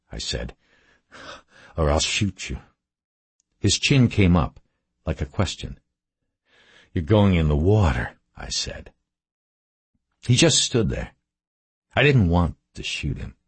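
Very deep husky male narrator. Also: no echo. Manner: terse, measured, low-key delivery. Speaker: audiobook narrator. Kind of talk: scripted first-person narration.

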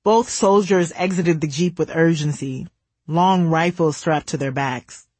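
A woman's voice: low-pitched, a little slow, a little mellow, dry recording. A woman from the United States, narrating her own memoir in a candid, wry way.

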